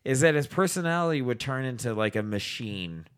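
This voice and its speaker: A man's voice: mid-range voice, fairly quick, clear, resonant tone. A man in casual podcast chat, telling a rowdy story with swearing and laughter. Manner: animated, profane, laughs while telling stories.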